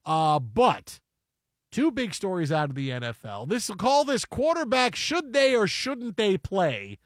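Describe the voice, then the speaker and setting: A male sports radio host telling a story in casual chat, acting out quotes and bursting into shouted voices. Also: high voice, very animated, a little slow, dry recording, clean studio sound.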